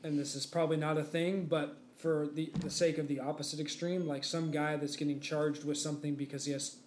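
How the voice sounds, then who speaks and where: A man's voice: on the high side, level tone, fairly quick, a little mellow. A young man co-hosting a casual podcast, telling a rambling story with lots of fillers. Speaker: podcast co-host. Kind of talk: casual chat. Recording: echoey room with faint background noise.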